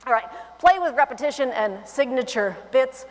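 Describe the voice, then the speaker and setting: A woman's voice: high-pitched, normal speed. Humorous woman giving a keynote. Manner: lively, humorous, animated delivery. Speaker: keynote speaker. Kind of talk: conference keynote talk. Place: large conference hall, on stage. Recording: long hall reverb.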